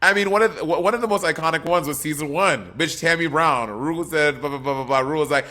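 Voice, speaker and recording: A man co-hosting a casual chat show, expressive and laughing often, with plenty of swearing. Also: fairly high pitch, brisk, few pauses. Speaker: podcast co-host.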